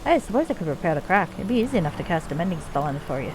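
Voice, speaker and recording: A woman voicing a gruff male dwarf clan leader, weary of endless war, in a put-on Scottish accent. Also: fairly low pitch, sing-song, rapid-fire, noisy background. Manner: gruff, archaic folksy dwarf speech. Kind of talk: reading game dialogue aloud.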